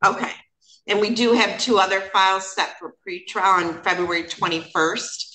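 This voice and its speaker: Bright-voiced woman judge in a roomy courtroom. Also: medium pitch, normal speed. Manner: plain-spoken, relaxed, with frequent fillers. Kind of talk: courtroom proceedings. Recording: roomy courtroom sound, faint noise.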